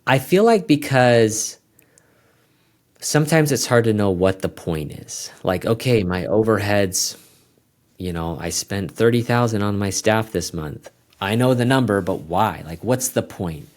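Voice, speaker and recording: A man with a fairly low voice talks through his work as a guest on an interview show. His speech is casual and rambling, full of restarts and self-corrections. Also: lively intonation, a little slow. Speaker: guest accountant.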